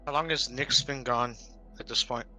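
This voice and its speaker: A man's voice: mid-range voice, steady tone, moderate pace, sharp tone, soft background music, rough recording. A man playing a tabletop game, asking short questions and declaring moves. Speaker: player. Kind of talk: tabletop role-play chat.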